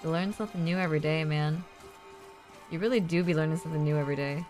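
A woman's voice: sits low, fast, music in the background. An American woman streaming a game, chatting and giggling with her viewers in casual commentary. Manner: chatty, giggly, talks to chat.

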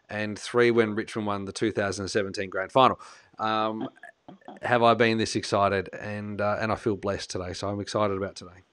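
A man co-hosting an interview show, effusive, excitable and openly emotional. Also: lowish voice, clear, resonant tone, dry recording. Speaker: co-host, wellness expert.

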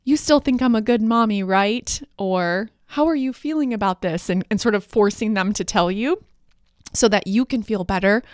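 A woman hosts a solo parenting podcast, teaching in an earnest, encouraging tone. Her voice sits in the middle of the pitch range. The recording is close and dry. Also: dry recording. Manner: warm, earnest, explanatory. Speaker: podcast host, parenting coach.

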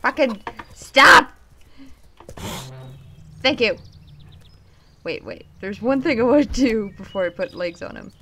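A young woman giving casual game commentary, excitable, swearing, laughing and yelping at scares. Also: mid-range voice, moderate pace, slight background noise. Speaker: gaming YouTuber.

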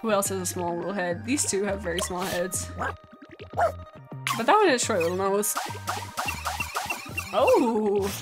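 A woman streaming a video game, chatting casually and excitedly talking to the little creatures on screen. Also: mid-range voice, moderate pace, long pauses. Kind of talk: casual gameplay commentary. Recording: music playing behind the voice.

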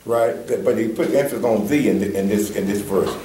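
A Southern American man with a low, warm, dark voice talks in a casual church discussion, reading verses in a slow, halting way. He is set back from the mic in an echoey meeting room with a faint hiss underneath. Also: recorded from a distance. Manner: slow, halting, reads scripture aloud haltingly. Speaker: church member asking a Bible question.

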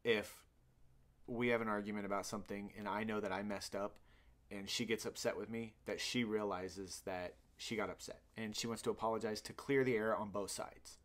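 A man's voice: fairly low pitch, steady tone, normal speed, a bit bright. A young man teasing his partner in casual chat on their couple's vlog, laughing often. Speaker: vlog co-host.

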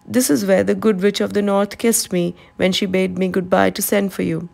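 A woman's voice: mid-range voice, level tone, normal speed, gravelly, a little mellow. A woman reading aloud, voicing a meek and earnest little girl who pleads to be sent home.

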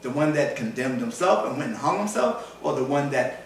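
A man preaches a sermon in a church sanctuary, animatedly acting out the voices of people in the stories he retells. His voice is mid-range at normal speed, heard from far off in an echoey hall with slight background noise.

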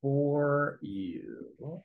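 A man's voice: on the high side, expressive, very slow, narrow, tinny audio. A man co-hosting a podcast in casual chat, with a dry, teasing manner. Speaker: podcast co-host.

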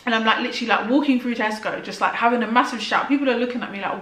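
A woman's voice: fairly high pitch, pushed and bright, far from the mic. Young woman sharing a painful story, roomy sound. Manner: halting, frequent "like" and restarts, emotional. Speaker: vlogger. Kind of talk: personal testimony, casual talk to camera. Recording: roomy and off-mic.

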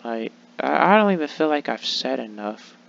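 A man's voice: medium pitch, very animated, normal speed, creaky, fairly bright tone, highs cut off. A young man rambling sulkily in a vlog, full of restarts and fillers. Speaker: vlogger. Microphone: laptop mic.

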